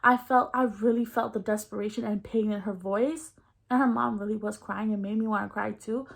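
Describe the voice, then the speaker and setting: A woman's voice: mid-range voice, brisk, creaky. A young adult woman vlogger telling a personal story in a candid, casual, slangy way, acting out the dialogue as she goes. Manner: candid, expressive, slangy retelling; acts out quoted dialogue in her story.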